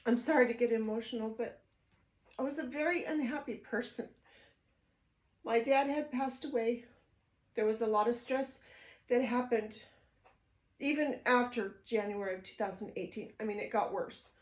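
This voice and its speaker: A woman's voice: fairly high pitch, normal speed, pauses often. An older woman vlogging casually at home, chatty and emotional, rambling with frequent restarts. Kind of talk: casual vlog talk to camera. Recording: echoey room.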